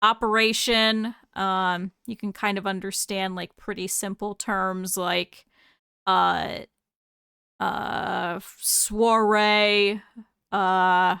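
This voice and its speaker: A woman game master narrates a tabletop game in a bright, crisp voice that sits close and dry. She rambles and pauses to search for words, with lots of fillers. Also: medium pitch, little pitch movement, no room sound.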